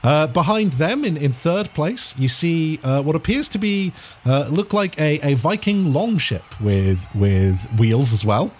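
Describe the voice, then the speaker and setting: A man's voice: a little high, lively intonation, a little slow, slight background noise. A man narrating a tabletop race game as game master, rambling with many fillers and frequent laughs.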